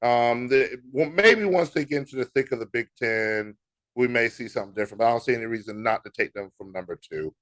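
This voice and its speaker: An American man co-hosting a sports podcast, talking in a casual, animated way with laughter and mock exasperation. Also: medium pitch, quick pace. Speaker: podcast co-host.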